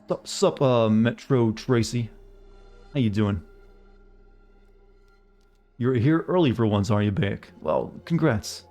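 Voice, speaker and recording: A man's voice: mid-range voice, unhurried, hardly any pauses, darkish tone, soft background music. A man streaming a game, chatting casually and ramblingly with his live viewers and greeting them by name.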